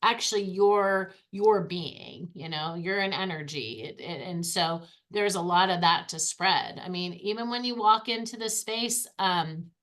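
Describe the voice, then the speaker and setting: A woman's voice: fairly low pitch, unhurried, hardly any pauses, a bit bright. A woman who is a guest on a podcast, speaking in an affirming, reflective way about energy and the spirit, often restarting her sentences in casual conversation.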